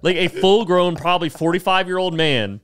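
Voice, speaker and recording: A man in his twenties, a comedian co-hosting a podcast, telling a work story in an animated, profane way. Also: sits high, moderate pace.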